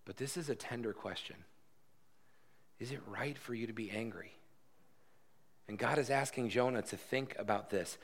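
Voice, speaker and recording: A man preaching a sermon in church, earnest and repeating his key phrases, growing loud and lively when he jokes with the congregation. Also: mid-range voice. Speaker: pastor.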